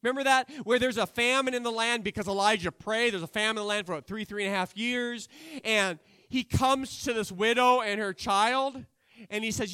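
A man preaching a sermon, acting out Bible characters' lines and swinging between loud and quiet delivery. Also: high voice, a little fast, smooth, no echo, clean studio sound.

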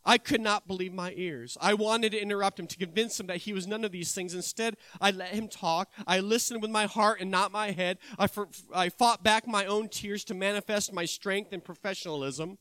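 A bright, high-pitched man narrates a first-person story from his years as a music teacher. He speaks in a measured way, often restarting phrases, and the dry recording keeps his voice close and clean. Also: steady tone, dry recording, poor audio. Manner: measured, with frequent self-corrections.

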